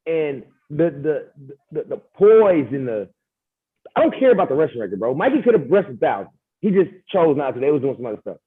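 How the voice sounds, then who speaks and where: A man's voice: on the high side, slightly rough, phone-quality sound. A man who is a podcast guest and former athlete, telling stories from school in emphatic casual chat. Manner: emphatic storyteller, calls listener "bro".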